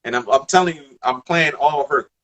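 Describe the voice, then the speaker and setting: A man in his thirties from the Bronx with a New York accent, telling stories in a casual interview, animated, emphatic and profane. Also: fairly high pitch, moderate pace. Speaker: former basketball player, guest.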